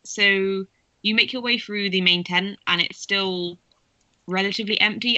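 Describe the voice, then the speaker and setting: A woman narrating as game master of a tabletop game, chatty and quick to giggle. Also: mid-range voice, fairly even intonation, bright, forceful tone, no echo, highs cut off.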